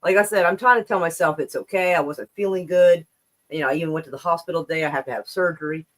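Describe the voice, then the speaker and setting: A woman's voice: on the low side, quick pace. A slightly out-of-breath woman hosting a casual livestream, rambling and swearing as she reads and comments on the news. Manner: rambling and profane, with many restarts.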